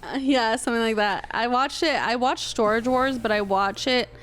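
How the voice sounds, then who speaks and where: Woman co-host, fairly high voice, playful, self-mocking, drawn-out words, casual chat. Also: fairly bright tone, slight background noise. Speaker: podcast co-host.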